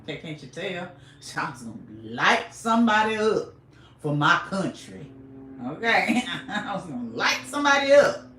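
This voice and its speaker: A woman's voice: lowish voice, big pitch swings, moderate pace, fairly bright tone, slight background noise. A woman from the United States hosting a podcast, delivering an impassioned monologue and repeating phrases for emphasis. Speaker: podcast host. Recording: roomy echo.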